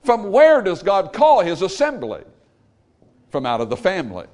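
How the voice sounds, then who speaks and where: A man preaching a Baptist sermon, emphatic, swinging between loud peaks and low trailing endings, calling for amens from the congregation. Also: wildly swooping pitch, normal speed. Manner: calls for amen from the congregation. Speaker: Baptist pastor.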